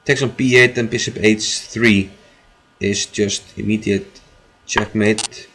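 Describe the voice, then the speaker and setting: A man's voice: fairly low pitch, steady tone, slow pace, a bit bright. Man thinking aloud over chess. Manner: thinking aloud, repeating phrases, many fillers. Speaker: chess streamer. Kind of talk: live chess commentary.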